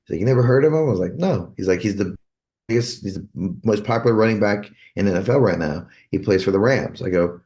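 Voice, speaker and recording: A man's voice: low-pitched, fast, darkish tone. A man, a musician's manager, telling a long anecdote in a casual interview and acting out the back-and-forth dialogue. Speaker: guitarist's manager.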